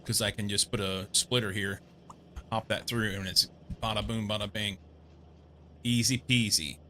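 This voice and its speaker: A man's voice: on the low side, fairly even intonation, moderate pace, bright, forceful tone, a little hiss or hum. A man casually commenting on his game as he plays, rambling and amused, thinking aloud. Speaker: gameplay streamer.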